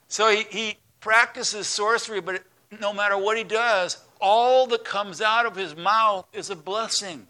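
A male pastor telling a story in a sermon, with a bright, forward tone. His voice sits a little high for a man. He acts out the characters as he goes, in an animated preaching style. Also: unhurried.

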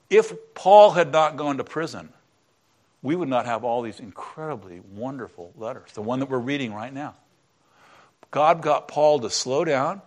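A man preaching a sermon in a church, teaching in a conversational way and chatting with the congregation between points. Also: mid-range voice. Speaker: pastor.

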